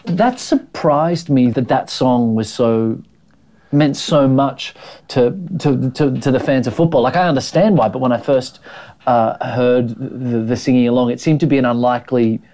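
A man leads a casual interview, asking follow-up questions with lots of hesitant fillers. His voice is warm and mellow rather than bright. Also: mid-range voice, moderate pace. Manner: curious, asks follow-ups, hesitant with many fillers. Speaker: interviewer host.

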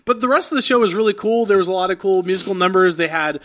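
A man's voice: sits high, fast talker. A young man co-hosting a casual podcast chat, rambling through a story with lots of fillers and acted-out quotes. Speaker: podcast co-host.

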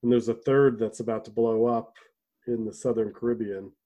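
A man co-hosting a casual podcast chat, rambling with restarts and throat clearing. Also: medium pitch, steady tone, normal speed, warm tone. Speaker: podcast co-host.

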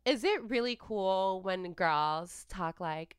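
A woman's voice: mid-range voice, expressive, slow pace, hardly any pauses, clear, resonant tone. A woman, co-hosting a casual chat, blunt and opinionated with lots of "like". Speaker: podcast co-host.

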